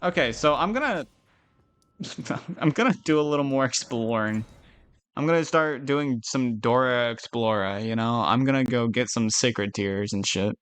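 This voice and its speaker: A young man streaming a video game, chatting casually with viewers, swearing often and venting loudly at the game. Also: mid-range voice, expressive, moderate pace, clear, resonant tone. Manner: loud, swearing, frustrated outbursts and laughing. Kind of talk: casual gaming stream chat.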